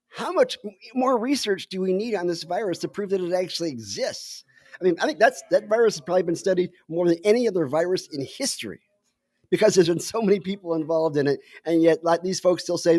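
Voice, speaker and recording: A wry male scientist co-hosting a casual chat, with a voice pitched a little high. He explains patiently, pausing on fillers, and the sound is dry and close. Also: a little mellow, dry recording. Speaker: scientist co-host.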